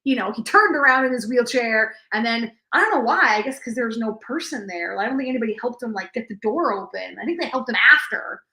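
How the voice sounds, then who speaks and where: A woman's voice: a little high, expressive, fast talker, few pauses, sharp tone, rough recording. A woman theatre performer chatting casually in a vlog, telling stories and acting out what people said to her. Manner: chatty storytelling, acts out quoted dialogue. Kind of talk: casual post-show vlog chat.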